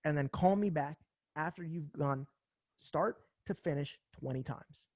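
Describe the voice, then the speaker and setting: A young man from central New Jersey giving a casual, energetic motivational sales talk, using slang and acting out phone calls. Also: a little high, measured pace, no room sound, highs cut off. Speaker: sales trainer.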